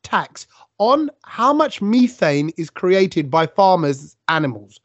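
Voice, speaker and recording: A man's voice: high voice, big pitch swings, slow, no echo. A man, co-hosting a casual podcast chat and telling stories with plenty of asides. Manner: chatty, tells stories with asides. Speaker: podcast co-host. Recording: dull lo-fi sound.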